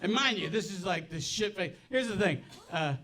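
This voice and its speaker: A man's voice: high voice, animated, normal speed, a crowd in the background. A man doing stand-up, telling rambling stories with restarts and asides in front of a live audience. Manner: rambling, self-interrupting with restarts and laughs. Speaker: stand-up comedian. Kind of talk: stand-up storytelling. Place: live venue with laughing audience.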